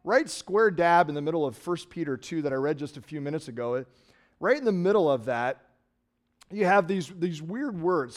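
A middle-aged man from Nebraska preaching a sermon in a conversational way, swinging from loud emphasis to quiet trailing words. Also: on the high side, lively intonation, brisk. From Nebraska, USA. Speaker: pastor.

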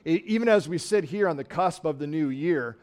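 A man's voice: fairly high pitch, animated, a little fast, a little mellow. A pastor preaching a sermon to his congregation in a church, talking conversationally and asking rhetorical questions. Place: church sanctuary.

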